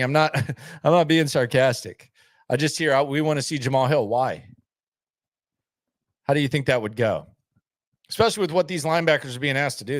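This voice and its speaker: A man's voice: a little high, dry recording, studio quality. A man hosting a sports channel, chatting casually and bluntly, skeptical, often repeating himself as he answers viewer comments.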